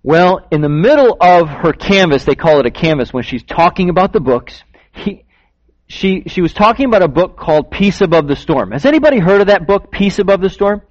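A man's voice: high-pitched, expressive, brisk, a little mellow. A man telling a story to children during a church service, acting out the people in it and asking the kids questions. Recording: dull lo-fi recording.

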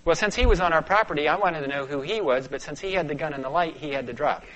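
Male preacher, slightly high voice, storytelling sermon with hushes and sudden lifts, muffled recording. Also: fast. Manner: storytelling, dropping to hushed tones and rising to urgent bursts. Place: church sanctuary. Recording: dull lo-fi sound.

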